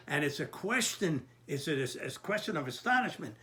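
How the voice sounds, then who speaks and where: Bright-voiced man explaining a Torah text. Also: on the high side, sing-song. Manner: halting, restarts, quotes Hebrew terms. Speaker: Torah teacher.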